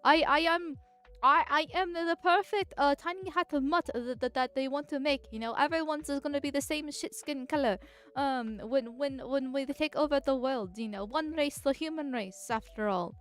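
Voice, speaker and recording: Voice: high-pitched, normal speed, faint music behind. A political vtuber streamer chatting casually and reading chat, speaking through a voice changer in a rambling, giggly way. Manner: rambling and giggly, with frequent restarts.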